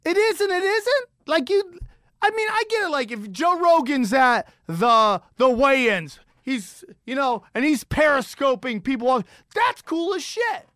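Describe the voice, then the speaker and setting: A middle-aged man rants through a comic story on his podcast. His voice keeps leaping up in disbelief and dropping low, with plenty of swearing. The sound is close and dry, with no room around it. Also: unhurried, dry recording. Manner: animated, swearing, incredulous, jumps between high and low pitch. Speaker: podcast host. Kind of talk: comedic storytelling rant.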